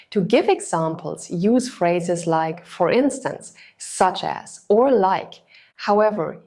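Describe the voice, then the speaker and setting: A woman giving a scripted English exam lesson, speaking clearly and deliberately and over-articulating the example words. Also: fairly low pitch, a little mellow. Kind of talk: scripted instructional narration.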